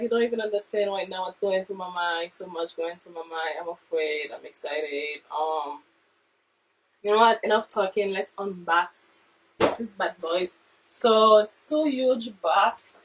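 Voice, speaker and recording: A woman vlogging casually from her basement, chatting straight to viewers, excitable and swearing freely. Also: medium pitch, far from the mic, poor audio. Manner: excitable, swearing, talks straight to viewers, non-native grammar. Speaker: vlogger unboxing her own fitness products. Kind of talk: casual unboxing vlog. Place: home basement.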